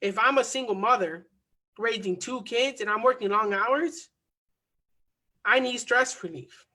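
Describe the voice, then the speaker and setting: A man teaching a motivational online coaching lesson on marketing and mindset, energetic and repeating key phrases for emphasis. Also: very high-pitched, a little slow.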